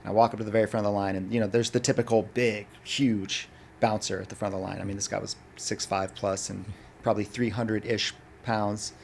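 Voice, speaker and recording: A man, a restaurant owner and former bartender, telling an animated story as a podcast guest and acting out the dialogue. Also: lowish voice, a little fast, creaky. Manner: animated, acts out the dialogue of people in his story. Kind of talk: casual storytelling in a podcast interview.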